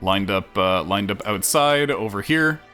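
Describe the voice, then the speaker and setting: Casting: male game master, bright tense voice, halting narration over faint music. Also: fairly low pitch, expressive. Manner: halting, many fillers and restarts. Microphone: headphones headset.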